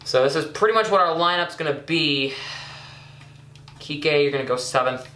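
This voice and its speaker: A young man casually commenting on his own gameplay, chatty and excitable, scolding himself with frequent ums and uhs. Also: fairly high pitch, moderate pace, roomy sound, a little hiss or hum. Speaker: gaming YouTuber.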